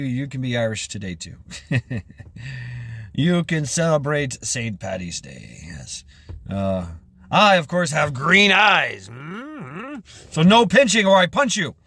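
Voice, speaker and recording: A man's voice: mid-range voice, fairly bright tone, no room sound. A man vlogging in a casual, rambling monologue, chuckling often and restarting his sentences with many fillers.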